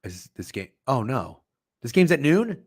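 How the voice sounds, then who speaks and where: Rambling, profane betting-show host, lively pitch. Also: male voice, unhurried, husky, no echo, clean studio sound. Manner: profane, rambling, self-interrupting. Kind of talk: live-streamed betting chat reading chat comments.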